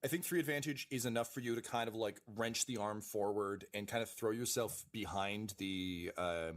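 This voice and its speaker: Low-voiced man running a tabletop game. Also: moderate pace. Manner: hesitant, many ums and uhs. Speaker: game master.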